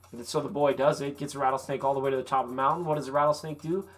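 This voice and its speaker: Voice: mid-range voice, quick pace, soft background music. Laid-back tarot host chatting live. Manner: relaxed, folksy and encouraging, with casual swearing. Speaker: tarot reader hosting a live stream. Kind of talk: casual live-stream chat with viewers. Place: vacation rental.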